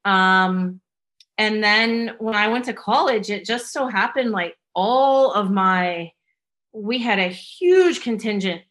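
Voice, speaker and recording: A woman's voice: mid-range voice, slow pace, fairly bright tone. Chatty woman with a Boston-area accent. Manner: rambling, with many ums and likes. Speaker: guest. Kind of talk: casual interview chat.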